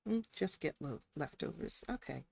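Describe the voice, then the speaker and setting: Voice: mid-range voice, expressive, normal speed, vocal fry, a little mellow, breathy edge, no room sound. A game streamer chatting casually through a live stream, talking to the characters on screen as they play. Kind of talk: casual live-stream commentary while playing.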